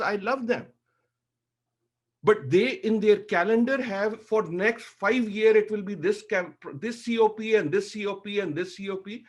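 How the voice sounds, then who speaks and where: A man's voice: sits high, breathy edge. A middle-aged man giving impassioned panel remarks, emotional and emphatic, hammering points through repetition.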